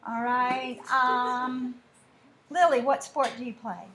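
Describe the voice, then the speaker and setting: A woman's voice: high voice, fairly even intonation, a bit bright. Chatty teacher woman with a lilt. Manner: chatty, with drawn-out asides and mimicked dialogue. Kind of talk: classroom lesson. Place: classroom.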